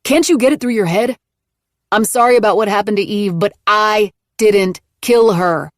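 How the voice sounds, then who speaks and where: A woman voicing an angry, hot-tempered man who shouts indignant outbursts in an audiobook. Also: medium pitch, moderate pace, no room sound, studio quality, natural voice.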